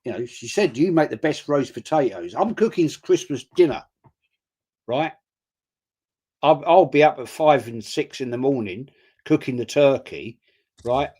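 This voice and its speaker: A man's voice: medium pitch, measured pace, pauses often, slightly rough. An older man telling blunt, sweary stories in casual live-stream chat. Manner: blunt, sweary storyteller, loud and animated. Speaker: guest on a fan stream.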